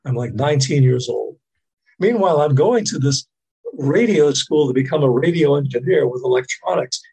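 A man's voice: on the high side, darkish tone, breathy edge, poor audio. An older man from the Boston area, a radio veteran telling long rambling stories as a podcast guest. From Boston area, USA. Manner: rambling anecdotal storytelling with laughs. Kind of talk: casual storytelling.

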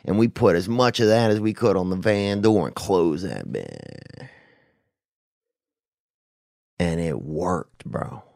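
Deep-voiced profane storytelling man. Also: measured pace, creaky, no room sound, clean studio sound. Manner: profane, animated, slangy. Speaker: podcast host answering listener questions. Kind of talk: rambling comedic storytelling.

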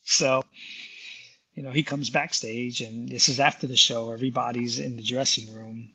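Brief: male musician recounting his career in an interview, loose and rambling, laughing now and then, with a husky edge to his voice. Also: mid-range voice, steady tone, moderate pace, sharp tone. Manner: rambling, many "you know" fillers, laughs often. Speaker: guest musician. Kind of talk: casual interview storytelling.

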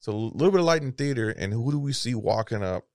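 A young man in casual podcast chat, telling a story with lots of swearing and loud voices for his friends. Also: medium pitch, fast talker, no room sound, clean studio sound. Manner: animated storyteller, swears a lot, yelps mimicking friends.

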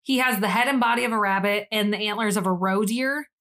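A woman's voice: medium pitch, quick pace, fairly bright tone. A young woman co-hosting a podcast in casual chat, rambling and giggly, swearing casually. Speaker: podcast co-host.

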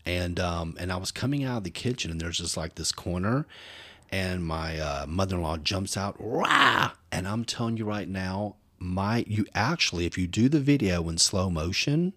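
A man, co-hosting a podcast and telling animated stories, acting out voices as he goes. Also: low-pitched, moderate pace, dry recording. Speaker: podcast co-host. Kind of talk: casual storytelling chat.

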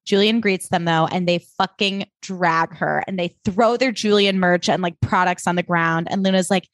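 A woman's voice: lowish voice, moderate pace, hardly any pauses, no room sound. A woman co-hosting a podcast, recapping a TV episode in casual chat and acting out characters' lines in playful voices. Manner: animated, acts out characters' lines in funny voices. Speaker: podcast co-host.

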